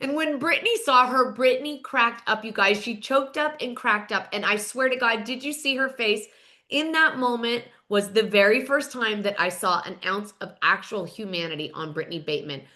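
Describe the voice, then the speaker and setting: A woman's voice: a little high, normal speed, sharp tone. A woman retelling a reality TV episode in a chatty, dramatic, gossipy way. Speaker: reality TV recap host. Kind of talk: recapping a TV episode to camera.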